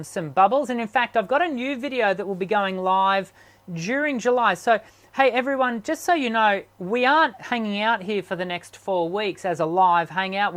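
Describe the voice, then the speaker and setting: Hoarse sick man, halting. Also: sits high, fairly bright tone. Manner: halting, full of ums and restarts. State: sick, strained voice. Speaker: singing teacher and host. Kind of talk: live online hangout chat.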